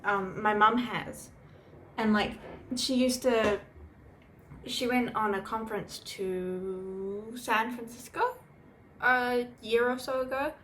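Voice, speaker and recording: Fairly high-voiced woman podcast co-host. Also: slow pace, a bit bright, slight background noise. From outside the United States. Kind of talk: casual chat.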